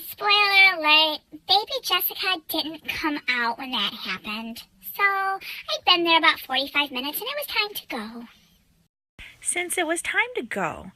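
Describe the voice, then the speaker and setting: A young woman telling a funny story about her own life in an excitable, dramatic way. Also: high voice, no echo. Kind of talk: storytime narration.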